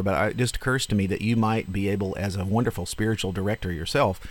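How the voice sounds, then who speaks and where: A man hosting a radio interview, unhurried and affirming, a little halting as he frames his questions. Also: lowish voice. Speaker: radio show host.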